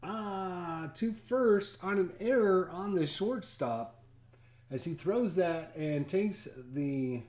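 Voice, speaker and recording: Slow, mellow-voiced man calling tabletop baseball. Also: sits high. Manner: slow, relaxed play-by-play with frequent fillers and pauses. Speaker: host playing a tabletop baseball game. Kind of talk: casual solo game commentary.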